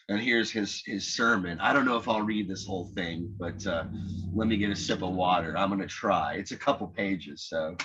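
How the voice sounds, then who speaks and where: A man's voice: on the low side, pushed and bright, husky, dull audio. A man teaching a literature lecture in a conversational, rambling way, often restarting his sentences.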